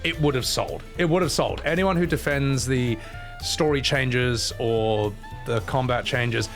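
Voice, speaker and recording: A man's voice: medium pitch, unhurried, soft background music. A man streaming a video game and ranting sarcastically about the series, swearing freely between bursts of laughter. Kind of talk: casual game commentary.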